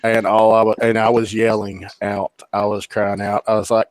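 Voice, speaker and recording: Podcast guest: man with a low, dry voice, candid and profane storyteller. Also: fairly even intonation, brisk, hardly any pauses, dry recording. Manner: candid, emotional, heavy swearing. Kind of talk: casual storytelling.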